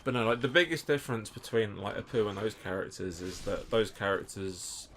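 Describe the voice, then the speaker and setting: A young British man with a low, gravelly voice chats casually over a game. He is sweary and jokey and drifts into long rants. A faint hiss sits under the recording. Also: brisk, fairly bright tone. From United Kingdom. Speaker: let's play co-host. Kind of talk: casual gaming banter. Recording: faint background noise.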